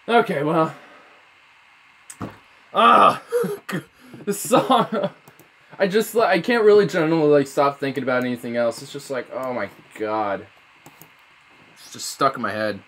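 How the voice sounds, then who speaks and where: A young man rambling through a casual vlog, swearing a lot, sarcastic and prone to sudden loud high outbursts. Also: moderate pace, pauses often. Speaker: vlogger.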